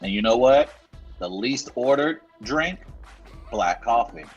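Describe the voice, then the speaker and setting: A man co-hosting a comedy podcast, delivering a mock-serious, deadpan running gag. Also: mid-range voice, slow pace, dull audio, soft background music. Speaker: podcast co-host.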